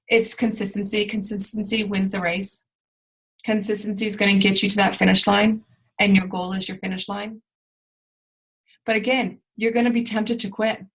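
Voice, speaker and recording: A woman in her thirties leads an earnest motivational talk for her team, pressing each point with emphasis. Her voice has a gravelly edge with a husky, slightly breathy grain, and her pitch sits in an ordinary middle range. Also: low-quality recording. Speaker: team leader.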